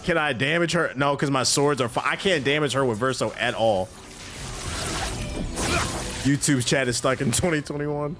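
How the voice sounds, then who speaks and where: A man's voice: mid-range voice, moderate pace, pauses often, over music. A man streaming a video game live, commenting in an exasperated, swearing way. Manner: loud, exasperated, swearing, laughing outbursts.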